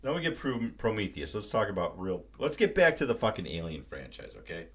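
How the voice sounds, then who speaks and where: A man's voice: lowish voice, big pitch swings, a little fast. A man hosting a live stream, ranting casually and profanely about a movie. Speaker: livestream host.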